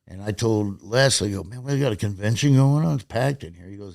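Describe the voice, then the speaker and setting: Telling stories casually in an interview, a middle-aged man who does stand-up brings them to life by acting out quotes in raised voices. His voice is gravelly and medium-pitched, at a moderate pace, with no echo.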